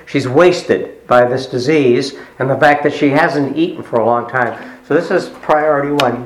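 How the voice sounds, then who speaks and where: A man delivering a sermon, retelling a story in a conversational way with pauses and fillers. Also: mid-range voice, a little hiss or hum. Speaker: preacher. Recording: roomy echo.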